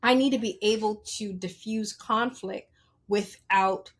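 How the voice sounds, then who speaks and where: A woman's voice: medium pitch, fairly even intonation, unhurried. A woman guesting on a podcast, telling candid stories about herself in a blunt, profane, playful way and acting out quoted people with big jumps in her voice. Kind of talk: candid conversational storytelling.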